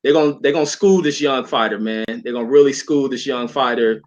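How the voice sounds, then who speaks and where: A man's voice: medium pitch, a little fast. Laid-back man on a muffled line. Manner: laid-back, repeats "man", restarts phrases. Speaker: boxing guest analyst. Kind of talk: casual chat.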